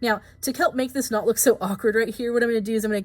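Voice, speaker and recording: A woman's voice: mid-range voice, rapid-fire. A woman art teacher talking through a drawing tutorial step by step, patient and casual, with small asides. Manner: patient, explains each stroke, casual asides.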